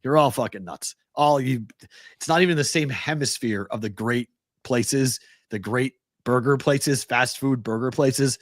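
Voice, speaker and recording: A man's voice: mid-range voice, measured pace, dry recording, studio quality. A man hosting a podcast in casual chat, rambling and often repeating his words. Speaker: podcast host.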